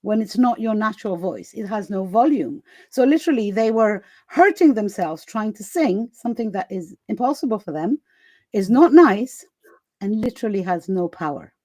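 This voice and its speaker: A woman's voice: mid-range voice, animated, normal speed, warm tone, dry recording. A woman hosting a live summit chat, casual and full of laughter, fillers and restarts, speaking over a video call. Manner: chatty, laughs often, many fillers and restarts. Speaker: summit host.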